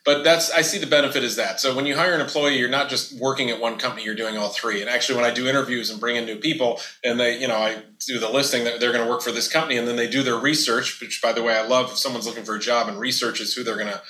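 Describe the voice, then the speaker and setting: Fast, bright-voiced business owner. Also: male voice, medium pitch, reverberant. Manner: animated, acts out quoted dialogue. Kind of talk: casual interview talk.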